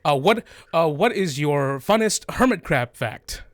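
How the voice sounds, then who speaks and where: Goofy, lively male game master. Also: a little high, measured pace, background noise. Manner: goofy, laughing, rambling with fillers. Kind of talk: casual chat and show intro.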